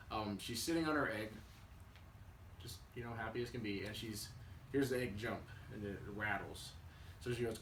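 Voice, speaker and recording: Young man telling a story, echoey room. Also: lowish voice. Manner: relaxed, chatty, with fillers and restarts. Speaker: student. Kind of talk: casual storytelling for a class. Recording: echoey room, mic at a distance, faint hiss.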